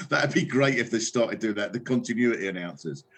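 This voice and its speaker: A middle-aged man, a comedian guest on a podcast, talking in a rambling, animated way with quick asides. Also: mid-range voice, husky. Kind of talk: casual podcast conversation. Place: on tour in another town, joining remotely.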